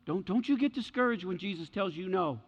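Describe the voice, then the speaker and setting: A man's voice: high voice, expressive, a little fast. Earnest preacher man in a reverberant hall. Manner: earnest, emphatic, frequently checks in with listeners. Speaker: pastor. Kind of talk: sermon. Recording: dull lo-fi sound with long hall reverb.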